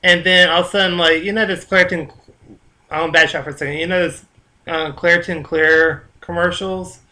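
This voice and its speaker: A man talking casually on his own vlog, telling stories in a loose, chatty way with cursing and quiet asides. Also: on the high side, fairly even intonation, fairly quick. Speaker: vlogger.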